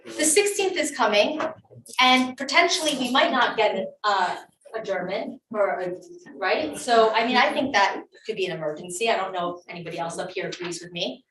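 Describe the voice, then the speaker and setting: A woman's voice: medium pitch, normal speed, fairly bright tone, slight background noise. A woman on a township committee, speaking emotionally and insistently at a public meeting, often restarting her sentences. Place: municipal meeting room. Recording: echoey room, distant mic.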